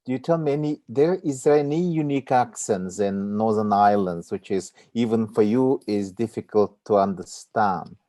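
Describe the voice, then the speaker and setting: An interviewer who asks halting questions and gives short acknowledgements. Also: mid-range voice, mellow, no echo.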